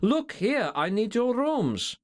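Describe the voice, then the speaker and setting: Brief: throaty German innkeeper, high and fretful, lively pitch, played by a male narrator. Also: takes it slowly, heavily acted. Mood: anxious. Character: anxious, despairing hotel-keeping man.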